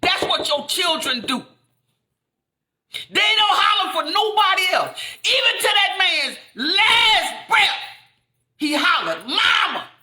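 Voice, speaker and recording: A woman preaching fervently, repeating lines and building up to shouts. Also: extremely high pitch, roomy sound. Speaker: inspirational speaker. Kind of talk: impassioned preaching.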